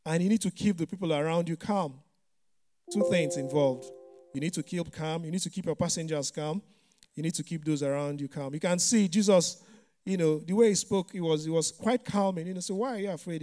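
Here the pastor's voice is fairly high in pitch but darkish in tone. He keeps his sermon conversational and chatty, leaning on "you know" asides and frequent soft laughs.

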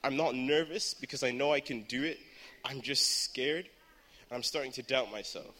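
A teenage boy gives an earnest youth sermon in a church hall, at times rising to fervent shouting. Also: medium pitch, moderate pace. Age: teens. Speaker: teen speaker at church service.

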